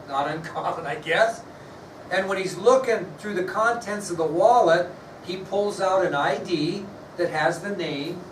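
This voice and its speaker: A man teaching a history class in a conversational way, often checking in with his students. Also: sits high. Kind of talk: classroom lecture. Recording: echoey room, far mic, faint noise.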